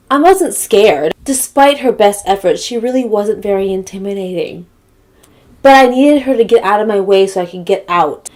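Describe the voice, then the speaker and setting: A woman's voice: mid-range voice, a little mellow. A woman telling a comedic story to camera in a sassy, blunt, profane way.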